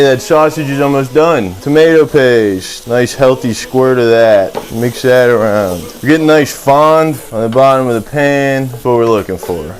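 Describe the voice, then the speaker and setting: Young Midwestern guy, cooking-vlog host, mid-pitched, grumpy sarcastic delivery, swears freely. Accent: Midwestern American. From Michigan. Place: home kitchen.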